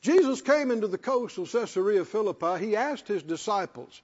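This sermon comes from a man whose voice sits very high, delivered at a moderate pace with a lively, swooping rise and fall. His style is plain and folksy, circling back to repeat points for emphasis. A long hall echo hangs over the dull, lo-fi sound.

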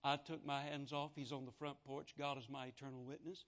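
A man with a mid-range, slightly bright voice preaches a sermon at a brisk clip with flat delivery. He tells folksy testimony stories and acts out the dialogue. The recording sounds dull and lo-fi.

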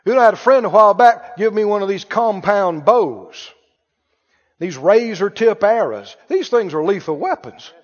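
A pastor with a high-pitched, animated voice preaches at a moderate pace, talking conversationally and quizzing his congregation with questions. The hall sounds muffled and reverberant.

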